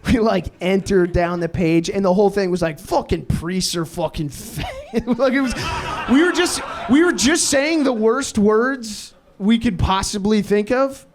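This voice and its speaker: A man's voice: high-pitched, normal speed, few pauses, a little hiss or hum. A man telling a stand-up story in a casual way, laughing often and saying "dude". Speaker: stand-up comedian.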